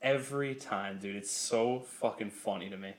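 A man's voice: lowish voice, moderate pace, slight background noise. A young man co-hosting a podcast, telling a story in casual, profane chat and laughing often. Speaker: podcast co-host.

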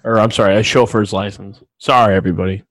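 A man's voice: fairly low pitch, fairly even intonation, fast talker, fairly bright tone. A man co-hosting a casual wrestling podcast, tossing in joking, wisecracking asides. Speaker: podcast co-host.

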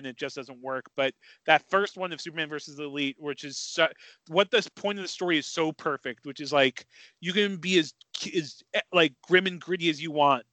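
Bright, dry-sounding opinionated man. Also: on the high side, dry recording. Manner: enthusiastic, rambling, opinionated. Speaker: podcast co-host. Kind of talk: casual chat.

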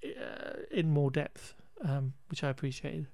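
A man's voice: on the high side, fairly even intonation, measured pace, gravelly, darkish tone, no echo, clean studio sound. A man co-hosting a podcast, chatting casually through a film recap with frequent restarts and laughter. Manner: rambling, self-correcting, laughs often. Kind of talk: casual chat.

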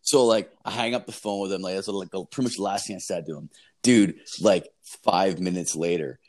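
A man's voice: low-pitched, brisk, darkish tone. A young man casually telling a story, rambling and swearing with lots of fillers and laughs.

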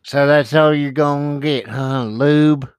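A man's voice: a little high, steady tone, slow, clean tone, no echo, clean studio sound, voice pushed up. Man putting on a drawling old cashier lady. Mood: sassy. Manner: drawling, calls people darling. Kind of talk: improvised comedy bit on a podcast.

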